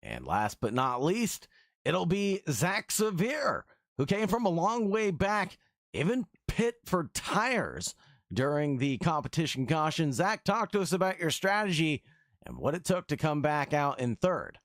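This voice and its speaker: Lively-pitched male race broadcaster. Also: measured pace, no room sound, studio quality. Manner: friendly, calls drivers brother. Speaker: race broadcaster interviewing drivers. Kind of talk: post-race interviews on a broadcast.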